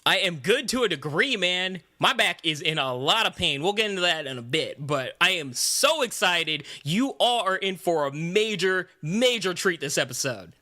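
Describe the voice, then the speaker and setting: A man co-hosting a podcast, telling stories in an animated, self-deprecating way. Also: high voice, normal speed, few pauses. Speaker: podcast co-host. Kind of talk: casual podcast chat.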